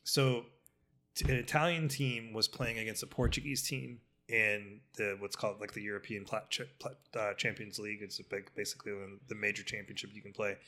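A man's voice: on the low side, steady tone, brisk, sharp tone. A man chatting casually on a podcast, telling a rambling story full of fillers, restarts and swearing. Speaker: podcast co-host. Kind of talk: casual chat.

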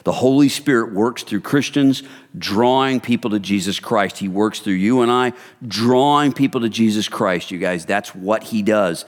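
A man preaching a sermon in a conversational, animated storytelling manner, often speaking directly to the congregation. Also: lowish voice, moderate pace. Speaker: pastor. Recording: long hall reverb.

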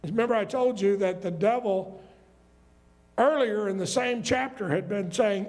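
A male pastor with a high, animated voice preaches a little slowly in a church sanctuary, reading scripture and turning to the congregation with questions and asides. Long hall reverb hangs on the recording.

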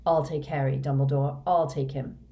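Woman reader doing big gruff older man, brisk, coaxing, low. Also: steady tone, mellow, dull audio.

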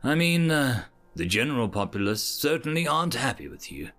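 Measured, polite human interrogator, voiced by a male reader, curious, slightly gravelly. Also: medium pitch, big pitch swings, a bit bright, soft background music, pitched below the performer's own voice.

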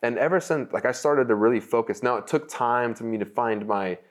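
A man's voice: medium pitch, a little fast. A young man, an interview guest, telling his life story with many likes and restarts, at times emotional. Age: young adult.

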